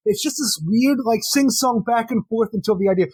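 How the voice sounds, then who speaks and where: A man co-hosting a comic book podcast, ranting quickly and acting out scenes with some swearing. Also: very high voice, darkish tone, slightly rough, no room sound. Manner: fast ranting, acts out dialogue, swears. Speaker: podcast co-host. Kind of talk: casual comic review chat.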